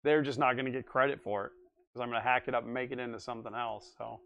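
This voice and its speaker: A man's voice: mid-range voice, fairly even intonation, fast talker, highs cut off. A man in his forties hosting a casual live stream, rambling and chatting as he answers viewers' comments. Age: 40s. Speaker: livestream host.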